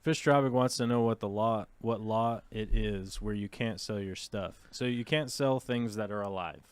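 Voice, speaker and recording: Lower-voiced man explaining casually. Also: moderate pace, clear, resonant tone, dry recording. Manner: relaxed, explanatory, often says "okay". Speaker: host.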